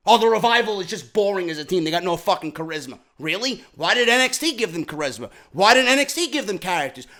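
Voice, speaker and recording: A man from New York tears into a wrestling show in a profane rant. His voice sits very high and sounds sharp and bright, and he hammers the same questions again and again, rising to shouts. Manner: profane, heated, repeats questions, often shouting. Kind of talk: ranting show review.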